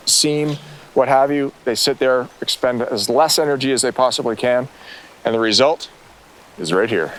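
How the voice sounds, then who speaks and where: Excited man hosting a fishing show. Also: medium pitch. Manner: enthusiastic, exclamatory. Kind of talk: excited on-the-water fishing instruction. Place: outdoors on a river, in a boat.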